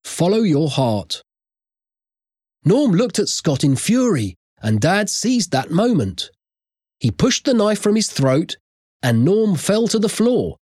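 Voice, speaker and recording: A narrator reading a chapter of a children's story aloud, with expressive storytelling. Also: medium pitch, slow pace, husky, no echo, clean studio sound. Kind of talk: audiobook reading.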